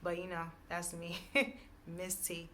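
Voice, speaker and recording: Woman, low-set but bright and pushing voice, intuitive reader, repetitive hedging delivery with frequent laughs. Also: completely flat delivery, slow pace, a little hiss or hum. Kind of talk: spiritual message reading.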